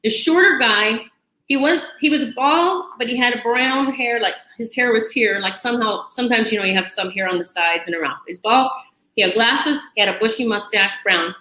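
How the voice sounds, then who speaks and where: A woman's voice: a little high, normal speed, pushed and bright. A woman host telling a personal story to camera in a chatty, dramatic way, with asides and laughter. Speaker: channel host. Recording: echoey room.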